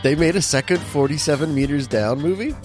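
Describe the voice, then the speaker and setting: A man hosting a casual film podcast, chatting in an upbeat, jokey way with quick asides. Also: fairly high pitch, darkish tone, faint music behind. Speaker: podcast host.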